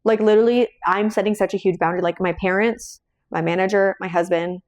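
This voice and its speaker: A woman's voice: mid-range voice, fairly even intonation, fast talker. Rambling, chatty woman vlogger. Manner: rambling, jumping between tangents with frequent laughs. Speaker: host. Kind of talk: casual chat. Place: home at night.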